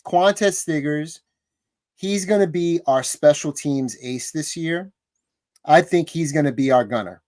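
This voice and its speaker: A man co-hosting a casual sports talk livestream, giving deliberate, analytical takes. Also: a little high, darkish tone, dry recording. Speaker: podcast co-host.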